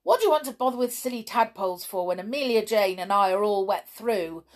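A bossy little cowboy doll with a short temper, as a woman reads him out. He complains loudly and scolds in a raised, slightly higher voice, always put out. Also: animated, a little fast, lightly acted. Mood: cross. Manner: loud and complaining.

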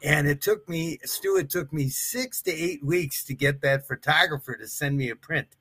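Bright-voiced older man telling stories. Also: a little high, normal speed, breathy edge. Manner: rambling, with restarts and chuckles. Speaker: guest, retired wrestler. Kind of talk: casual anecdotal storytelling.

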